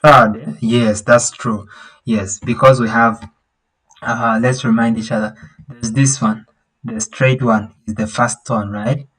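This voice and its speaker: Slow, patient male language teacher. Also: medium pitch, steady tone, fairly bright tone, low-quality recording. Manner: patient, repeats himself and sings out vowel sounds to demonstrate tones; halting, with many fillers and restarts. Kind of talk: online language lesson. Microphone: video call.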